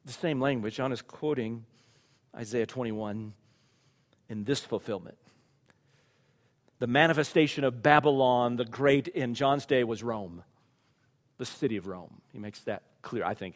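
A man's voice: mid-range voice, moderate pace. Man, preacher, sermon, fervent swells, church, echoing hall. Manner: preaching, from quiet and reflective to loud and fervent. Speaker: pastor.

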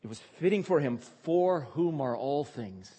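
A man's voice: a little high, expressive, normal speed, warm tone, husky, big-room sound. A male pastor preaching a sermon, emphatic and repeating key phrases for stress.

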